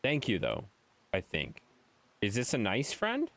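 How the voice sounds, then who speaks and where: A game streamer with a Wisconsin accent, a man who teases back at his chat and keeps telling them to stop it. His mid-pitched voice swings up and down a lot. The sound is dry and close, with little room. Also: huge pitch swings, unhurried, a bit bright, no echo. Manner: playful, mock-exasperated, reads and answers chat. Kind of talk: live-stream chat banter.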